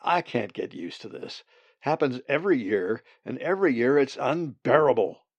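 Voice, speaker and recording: A man voicing a grumpy, irritable male raven who complains loudly. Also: medium pitch, lively intonation, takes it slowly, no echo, highs cut off. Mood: grumbling. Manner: gruff, complaining.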